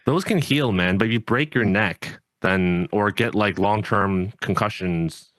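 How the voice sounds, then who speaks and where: A man's voice: on the low side, a little slow, fairly bright tone, no echo. A man hosting a podcast, talking in an earnest, rambling way with many fillers and restarts. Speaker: podcast host and judo coach. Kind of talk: casual podcast chat.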